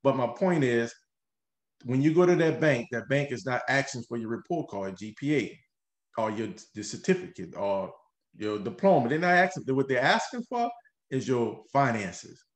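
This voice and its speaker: A mid-pitched man hosts a radio show as a mortgage lender. He explains things in an energetic, step-by-step way and keeps checking in with the listener. The sound is roomy, with echo from the studio around him. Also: normal speed. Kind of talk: conversational radio show talk.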